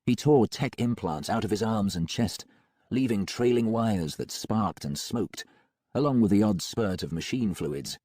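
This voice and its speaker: A man narrating a first-person audiobook in a grim, measured way. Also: fairly low pitch, expressive, mellow, no echo, studio quality.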